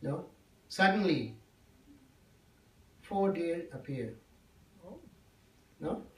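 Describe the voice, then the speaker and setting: A man's voice: a little high, animated, extremely slow. Man telling a devotional tale in an echoey hall. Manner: checks in with the audience by asking 'yes?' and 'no?'. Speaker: religious storyteller. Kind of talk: devotional storytelling to an audience. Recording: echoey hall, mic far off.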